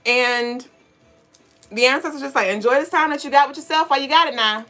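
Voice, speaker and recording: Woman host, fairly high voice, playful and slangy, laughs loud, casual livestream tarot reading. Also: fairly quick, over music. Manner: playful, slangy, laughs loudly and often, reads chat aloud.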